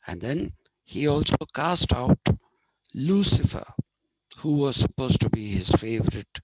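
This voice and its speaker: Slow, gravelly male lecturer. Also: mid-range voice, no echo, poor audio. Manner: explanatory, repeats points, checks in with "okay". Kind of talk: classroom lecture.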